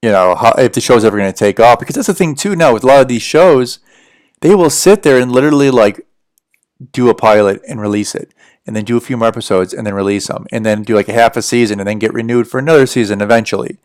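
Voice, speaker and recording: An American man with a general, neutral accent chats and rambles on a late-night livestream, answering viewer questions in loose, easygoing talk. His voice sits at a middle pitch and sounds close and dry, with no room around it. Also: fast talker, darkish tone, no echo. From United States. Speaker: livestream host. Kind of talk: casual livestream chat.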